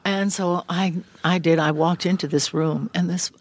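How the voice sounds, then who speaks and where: A woman's voice: fairly low pitch, normal speed, no echo. An older woman, a guest in a large studio room, telling stories animatedly with frequent laughs, her voice a little worn. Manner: animated, laughs often, acts out remembered lines. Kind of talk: casual interview storytelling.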